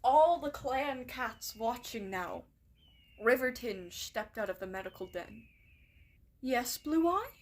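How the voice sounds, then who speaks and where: A woman's voice: on the high side, unhurried. Emotional young woman streamer reading a story. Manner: emotional, swears freely, laughs and reacts loudly. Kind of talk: reading an interactive story aloud on a live stream.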